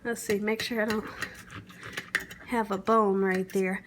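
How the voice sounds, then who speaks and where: A woman hosting her cooking channel, tasting her food on camera with long humming sounds and sometimes dropping into an excited whisper. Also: a little high, a little hiss or hum. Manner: savoring with long humming "mm"s, drawn-out and slow.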